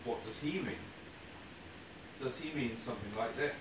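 A man's voice: mid-range voice, moderate pace, long pauses. A man reading a passage aloud to a congregation with theatrical, amused delivery. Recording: distant echoey room mic with noise.

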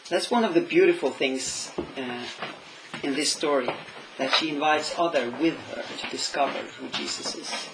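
A man with a slightly high, gravelly voice preaches a sermon in English, which is not his first language. He talks thoughtfully, stops to search for words and asks his listeners questions. A faint room ambience sits behind him. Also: normal speed, noisy background.

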